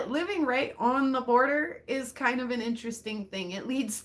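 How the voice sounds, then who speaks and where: A woman from Montana hosting a casual chat with her viewers, laughing a lot and saying "like" and "seriously" often. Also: fairly high pitch. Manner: chatty, says "like" and "seriously" a lot. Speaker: rockhound channel host.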